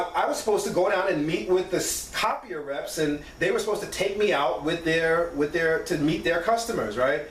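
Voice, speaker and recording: A man hosting a show, telling stories from his career in a casual, animated way and acting out what others said, with a frequent "right?". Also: on the high side. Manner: animated, acts out quoted voices, frequent "right?". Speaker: podcast host. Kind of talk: casual storytelling monologue. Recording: roomy echo, distant from mic.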